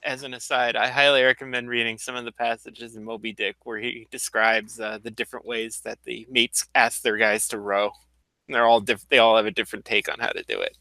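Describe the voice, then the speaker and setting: A man's voice: medium pitch, steady tone, a little fast, gravelly, pushed and bright, no echo, rough recording. A man narrating as game master, explaining at length with loose fillers and restarts.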